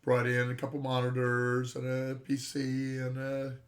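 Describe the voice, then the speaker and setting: A man's voice: medium pitch, completely flat delivery, a little slow. A man co-hosting a game developers' livestream, coughing now and then and making dry, wry puns. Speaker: co-host of a game developers' stream. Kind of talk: casual livestream chat.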